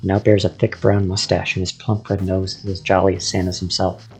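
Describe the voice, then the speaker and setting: A man reading a first-person story aloud with steady, measured narration. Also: sits low, faint music behind. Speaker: audiobook narrator.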